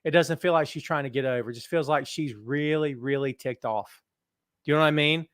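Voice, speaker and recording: A man hosting a wrestling talk stream, reading viewer comments aloud and talking to his audience with animated, self-mocking chatter. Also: fairly high pitch, fairly quick, clear, resonant tone, no echo, clean studio sound. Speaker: host.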